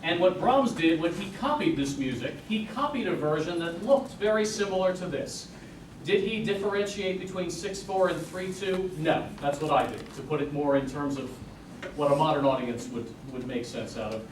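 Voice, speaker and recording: In a recital hall, a man with a slightly high voice gives a lecture recital at normal speed, explaining music to the audience and counting beats out loud. The recording is noisy, echoey, and made from far off.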